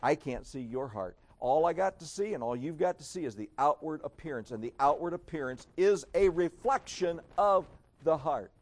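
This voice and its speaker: Animated, sarcastic male preacher. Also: fairly high pitch, normal speed. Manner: emphatic, sarcastic, swings between loud and hushed. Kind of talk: sermon.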